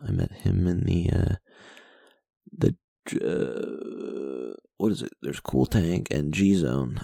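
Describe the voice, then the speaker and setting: A young man recaps his week like a spoken diary, talking close to the mic with plenty of fillers and swearing. His voice is low, mellow and heavily gravelly. It also has a husky edge. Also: no echo. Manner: rambling and profane, with many fillers. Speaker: show host. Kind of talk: casual diary-style recap. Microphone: close microphone.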